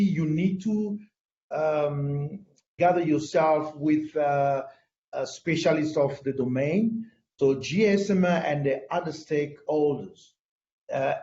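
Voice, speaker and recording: A man's voice: on the high side, dark tone, reverberant, muffled recording, a little hiss or hum. A man with a French accent, a native French speaker, speaking on an online panel with many hesitations and restarts over a video call.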